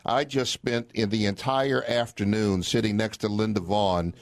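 A man with a lowish voice bantering and boasting on a talk radio show. His sound is dry and close to the mic. The delivery stays loose and chatty. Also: steady tone, normal speed, no room sound. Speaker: radio co-host.

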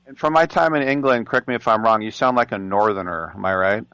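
A man's voice: fairly low pitch, quick pace, a bit bright, clean tone, dry recording. A man hosting an interview, asking chatty, teasing questions. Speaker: interviewer, host.

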